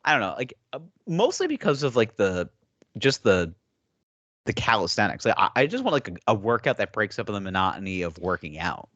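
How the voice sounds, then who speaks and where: Chatty man with a low, lively voice. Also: fairly quick, dry recording, muffled recording. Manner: rambling storyteller, acts out quotes. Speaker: podcast co-host. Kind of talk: casual chat.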